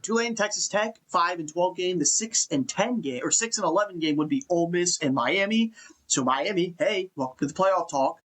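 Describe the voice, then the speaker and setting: A man's voice: sits high, normal speed, fairly bright tone. A man hosting a casual sports talk show, ranting in an exasperated way and swearing now and then. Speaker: podcast host.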